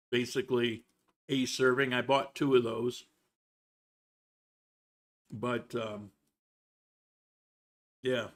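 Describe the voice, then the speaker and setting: Guy rambling on his home livestream, chatty, mid pitch, sometimes talking while eating. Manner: rambling, chatty, with frequent restarts. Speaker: livestream host. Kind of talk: casual livestream chat. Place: home in Colombia.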